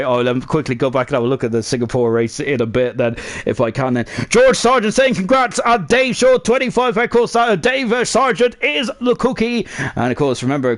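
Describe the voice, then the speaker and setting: A young man commentating a sim racing league live, excitable and chatty, reading out viewer messages. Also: a little high. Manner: excitable, shouts over laps then settles into chatty asides. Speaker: esports race commentator.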